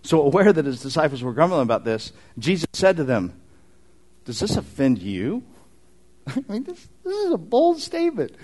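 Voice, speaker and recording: A middle-aged man preaching a sermon as pastor, conversational and animated, with asides to the congregation. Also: on the high side, fairly quick.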